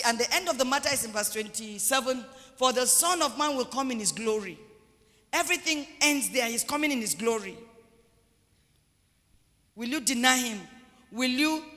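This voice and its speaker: A man preaching a sermon as pastor. He preaches with emphasis, repeats phrases and rises to shouts. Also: extremely high pitch. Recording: long church hall reverb.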